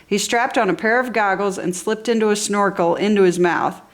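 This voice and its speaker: A woman's voice: medium pitch, normal speed. Woman reading a storybook with enthusiasm. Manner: enthusiastic and expressive. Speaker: storybook reader. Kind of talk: children's storybook read-aloud.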